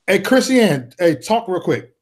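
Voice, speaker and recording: A man hosting a live stream, giving quick practical instructions to his co-host while he works the equipment. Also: sits high, sing-song. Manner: hurried, runs the show's tech. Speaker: livestream host. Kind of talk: casual live stream chat.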